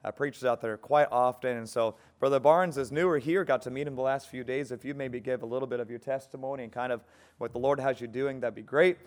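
A pastor with a Californian accent, making relaxed, halting church announcements and introducing a guest preacher. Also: male voice, mid-range voice. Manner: easygoing, halting, many fillers. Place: church sanctuary.

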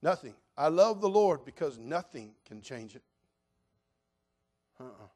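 A man preaching a sermon, telling a personal story in an animated way, going from loud outbursts to quiet, prayerful asides. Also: fairly high pitch, measured pace. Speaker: pastor.

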